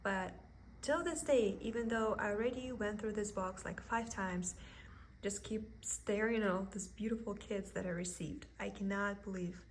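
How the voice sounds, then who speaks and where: A woman with a thick Russian accent, a vlogger chatting excitedly about her cross stitch haul at home. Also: medium pitch, moderate pace, a little hiss or hum. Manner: gushing, excited, with soft giggles. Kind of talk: casual haul video.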